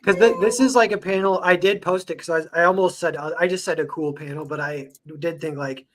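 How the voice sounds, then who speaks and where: A man's voice: sits high, fairly even intonation, a little fast, fairly bright tone. A young man co-hosting a casual podcast, rambling with lots of "like" and restarts. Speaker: podcast co-host, comics artist. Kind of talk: casual chat.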